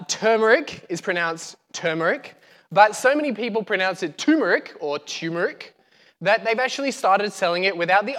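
Higher-voiced male preacher, chatty and joking, on a lapel mic in a reverberant hall. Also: fairly bright tone. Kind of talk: casual sermon. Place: church hall.

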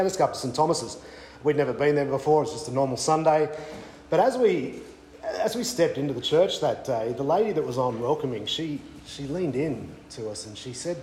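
A man's voice: mid-range voice, a little mellow, echoey room, slight background noise, poor audio. An Australian man preaching a sermon at a weekend away, conversational, with frequent fillers and restarts. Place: church weekend away venue.

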